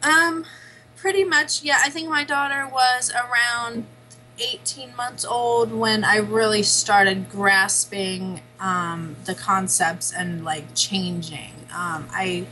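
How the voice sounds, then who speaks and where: A woman's voice: mid-range voice, steady tone, slow, sharp tone, slight background noise, low-quality recording. A woman guest and parent talking candidly in a conversation, often breaking into small laughs. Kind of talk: personal storytelling in conversation.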